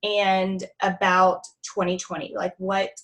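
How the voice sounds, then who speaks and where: A woman's voice: mid-range voice, completely flat delivery, slow, fairly bright tone. A woman hosting a casual interview, speaking earnestly and sincerely. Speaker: host.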